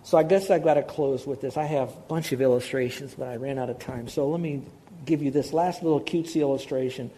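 A man's voice: mid-range voice, fast, mellow. A man preaching a sermon as a pastor, conversational, repeating key words for emphasis. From Hawaii.

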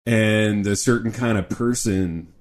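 Animated middle-aged man co-hosting a podcast. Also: on the low side, measured pace. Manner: animated, joking, says "dude" a lot. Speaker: podcast co-host. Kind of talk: casual podcast chat.

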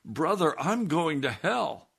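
A man preaching plays a desperate grown man who shouts and pleads for mercy in a much higher, louder voice. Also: big pitch swings, takes it slowly, creaky, husky, heavily acted. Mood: desperate pleading.

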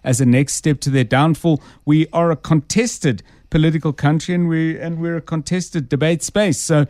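A man's voice: a little high, fairly even intonation, moderate pace, a little mellow, no echo, studio quality. A South African man hosting a talk radio show, conversational and inviting listener calls. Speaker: radio host.

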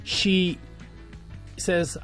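A man telling a personal story as a radio guest, animated, acting out voices, swinging from loud to hushed. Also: drawn-out words, soft background music. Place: radio studio.

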